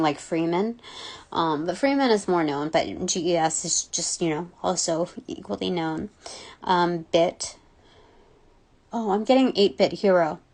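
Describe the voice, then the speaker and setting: Woman, casual intuitive reader; unhurried, gravelly fry, rambling and giggly. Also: fairly low pitch, a little mellow. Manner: rambling, many ums and likes, giggly. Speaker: spiritual reader. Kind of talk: casual intuitive reading monologue.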